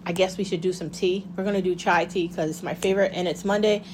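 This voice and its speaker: A woman's voice: lowish voice, steady tone, fast, a little mellow, slight background noise. A woman hosting her own show, talking through a casual motivational monologue in a candid, rambling way and swearing freely. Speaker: podcast host.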